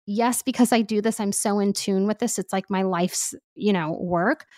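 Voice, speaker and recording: A woman's voice: medium pitch, moderate pace, no room sound. Chatty woman parenting expert, dry close mic. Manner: animated, chatty, many fillers. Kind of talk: casual podcast conversation.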